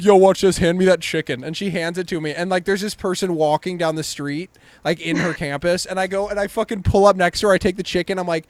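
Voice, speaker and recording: A young man in his twenties co-hosting a comedy podcast, telling loud, swear-filled anecdotes in casual chat. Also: high-pitched, dry recording. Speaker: podcast co-host.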